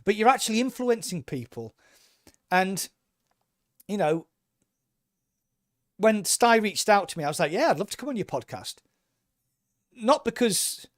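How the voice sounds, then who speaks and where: A man's voice: high-pitched, dry recording, studio quality. A man co-hosting a casual podcast, talking with eager enthusiasm and rambling through restarts. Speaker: podcast co-host.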